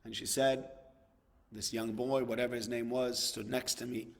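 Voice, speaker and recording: A man's voice: mid-range voice, flat delivery, normal speed, creaky. A man giving a sermon, telling a story and rising to impassioned emphasis. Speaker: rabbi giving a talk.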